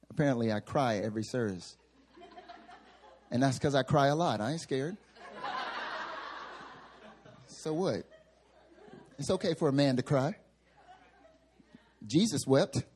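A man's voice: mid-range voice, darkish tone, slightly rough. A male pastor giving a sermon in a church sanctuary, telling humorous, self-mocking stories.

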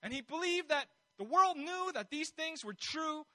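High-voiced man preaching conversationally. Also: expressive, normal speed, sharp tone, dry recording, poor audio. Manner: conversational, bold preaching with rhetorical questions. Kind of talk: sermon.

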